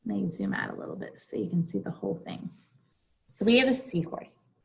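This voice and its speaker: Slow, patient female phonics teacher, mid pitch, repeats each word for young kids. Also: vocal fry. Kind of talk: phonics lesson for young children.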